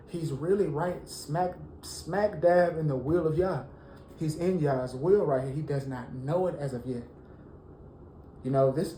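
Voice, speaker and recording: A man teaching a Bible lesson, reading verses slowly and then preaching with rising fervor. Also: on the high side, mellow, echoey room, slight background noise, rough recording.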